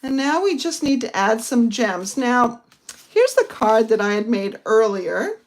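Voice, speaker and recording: Here a papercraft instructor, a middle-aged woman from the American north, explains each stage of a card-making project in an easygoing crafting demo. Her voice sits a little high and is very animated, though she never rushes.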